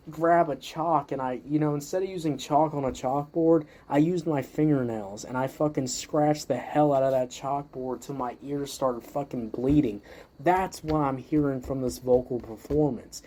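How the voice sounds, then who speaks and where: Man, music review host, profane rant, heated, dark mellow voice, filler-heavy. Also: fairly high pitch. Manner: heated, swears constantly, leans on "you know".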